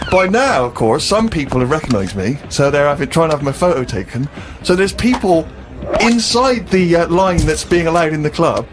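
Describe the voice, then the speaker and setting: Lively self-mocking man telling stories. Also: a little high, moderate pace, few pauses, noisy background. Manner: animated, self-deprecating anecdotes. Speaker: podcast co-host. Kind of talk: casual storytelling chat.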